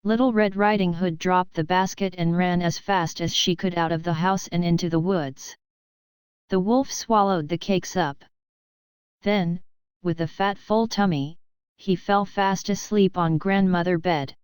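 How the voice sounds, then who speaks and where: Woman, preschool teacher, storybook reader, lowish and crystal clear. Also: steady tone, measured pace, a little mellow, no echo. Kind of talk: storybook read-aloud for children. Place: at home.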